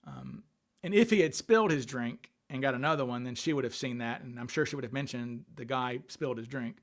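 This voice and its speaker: A man's voice: medium pitch, fairly quick. A man hosting a casual livestream, thinking aloud and answering questions from viewer chat. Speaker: livestream host.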